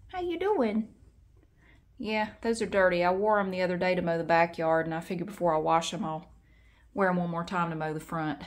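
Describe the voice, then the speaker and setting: A woman's voice: lowish voice, fairly bright tone. A woman chatting casually in a home vlog, switching into sing-song baby talk when she speaks to her cats. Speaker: vlogger. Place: at home, in a bathroom.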